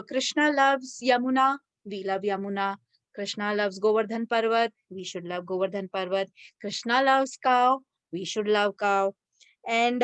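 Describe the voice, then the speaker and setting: A woman giving a devotional talk, telling a sacred story with lively, animated delivery. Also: on the high side, no echo. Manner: animated storyteller, many fillers. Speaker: devotional speaker.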